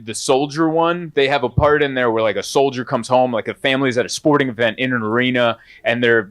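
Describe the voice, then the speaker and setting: A young man performing a stand-up comedy set, telling a rambling, animated story with lots of fillers. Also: medium pitch.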